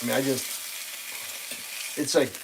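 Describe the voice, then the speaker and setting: A woman's voice: a bass voice, fairly even intonation, measured pace, vocal fry, heavy background noise. A woman hosting a livestream, ranting casually with profanity, many restarts and exasperated asides. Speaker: livestream host.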